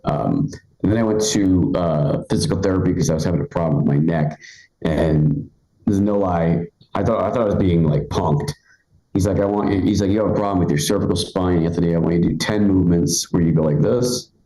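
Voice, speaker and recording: A man's voice: low voice, fairly quick, mellow, reverberant, poor audio. Rambling stand-up man in his forties. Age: 40s. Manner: chatty, rambling, loose with fillers and restarts. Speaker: stand-up comedian. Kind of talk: live stand-up set. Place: comedy club stage.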